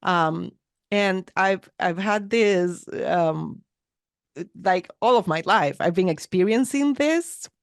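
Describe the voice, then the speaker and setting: A woman adds to a live class in a soft, thoughtful way, pausing on fillers. Her voice sits on the lower side for a woman, and the sound is dry and close. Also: creaky, clear, resonant tone, dry recording. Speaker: co-teacher.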